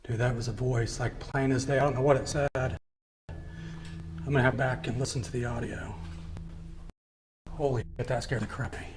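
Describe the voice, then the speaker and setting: A man investigating a dark, cold old building alone, talking in a hushed, jumpy way and calling out to unseen spirits. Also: medium pitch, fairly even intonation, moderate pace, pauses often, noisy background. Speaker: paranormal investigator. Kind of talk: ghost-hunting narration and calling out to spirits.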